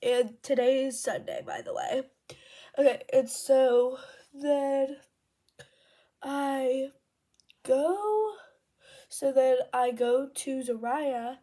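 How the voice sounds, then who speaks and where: A woman's voice: sits high, extremely slow, pauses often, warm tone. A teenage girl telling a rambling storytime while doing her makeup, full of ums and self-corrections. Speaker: vlogger.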